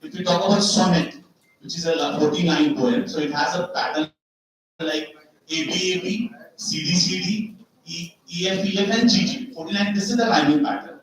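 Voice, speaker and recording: A man's voice: high voice, normal speed. A man giving a seminar lecture with slides, explaining step by step, repeating key words and asking rhetorical questions. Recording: very echoey hall, far from mic.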